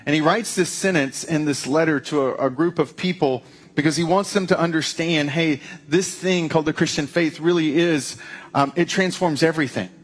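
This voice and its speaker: A man preaching a sermon as pastor, in a conversational, animated way with playful asides. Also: on the high side, moderate pace.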